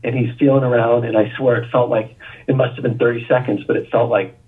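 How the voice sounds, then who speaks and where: A man on a call-in radio show tells a painful personal story in a halting way, stumbling and repeating words. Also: mid-range voice, fairly even intonation, breathy edge. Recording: tinny phone line on radio.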